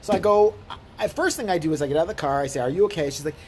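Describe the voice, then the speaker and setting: A woman's voice: sits low, rapid-fire, slight background noise. A woman vlogger telling a story as an indignant, profane rant. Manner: indignant, swearing, animated storytelling.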